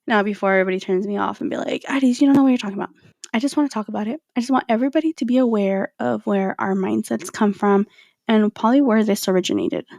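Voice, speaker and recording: A woman in her thirties hosts a solo podcast episode, chatting informally and speaking straight to her listeners. Her voice carries a gravelly, fry-tinged texture. The sound is dry and close. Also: mid-range voice, quick pace, a little mellow, no echo. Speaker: podcast host.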